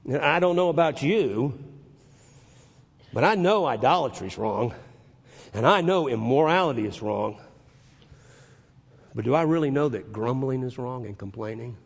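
A man preaching a sermon, moving from hushed asides to loud, emphatic declarations with drawn-out stressed phrases. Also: mid-range voice, animated, husky. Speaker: pastor. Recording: long hall reverb.

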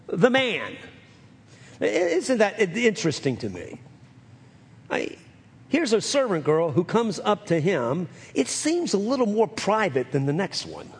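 A man preaches from the pulpit with a husky, fairly high voice that swings widely as he acts out the scripture's lines. The sound carries a long reverb from a church hall. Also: moderate pace. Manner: animated, acts out scripture dialogue. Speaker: pastor. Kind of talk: sermon.

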